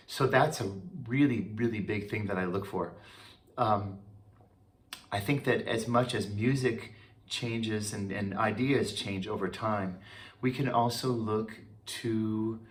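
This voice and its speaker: A man, a choral conductor, giving a relaxed and chatty talk, with many fillers and restarts. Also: fairly low pitch, measured pace. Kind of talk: informal talk.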